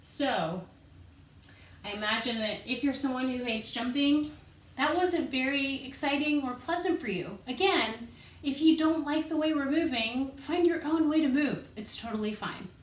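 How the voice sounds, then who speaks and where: A woman's voice: high voice, moderate pace. A woman teaching an elementary music lesson, patiently explaining and counting rhythm syllables aloud while she moves. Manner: encouraging, patient teacher talk. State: out of breath. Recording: echoey room, voice from a distance.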